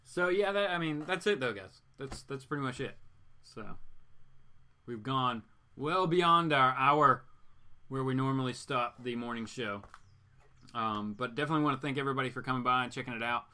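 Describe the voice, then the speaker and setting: A man's voice: medium pitch, normal speed, bright, forceful tone, clean tone. A man hosting a casual live comics show, rambling through his thoughts and chatting back to viewers' comments. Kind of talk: casual live-stream chat.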